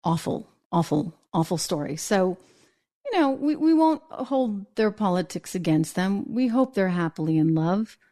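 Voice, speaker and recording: Brief: middle-aged woman host, casual political commentary to camera, chatty, wry, laughs easily, medium pitch. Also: lively intonation, measured pace, warm tone. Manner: chatty, sarcastic, laughs often.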